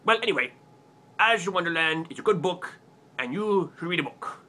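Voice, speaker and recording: A man's voice: high voice, lively intonation, a little fast, pushed and bright. A man playing a clueless, forgetful book-review host who rambles eagerly in a comic web sketch. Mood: earnest muddle.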